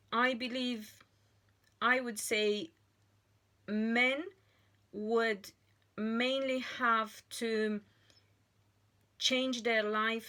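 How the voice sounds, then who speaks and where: A woman reads tarot cards aloud in an unhurried, deliberate way. Her voice sits at a middle pitch, and she often pauses and restarts her phrases as she thinks. The tone stays sincere throughout. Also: bright, forceful tone. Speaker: tarot reader. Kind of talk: slow, earnest psychic reading monologue.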